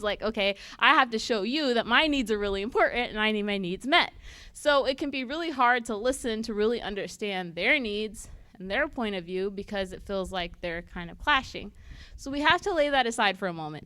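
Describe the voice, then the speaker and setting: A woman's voice: a little high, sharp tone, smooth, no room sound. Woman giving a conversational church talk. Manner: conversational, acts out little dialogues. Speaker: church speaker. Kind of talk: teaching talk.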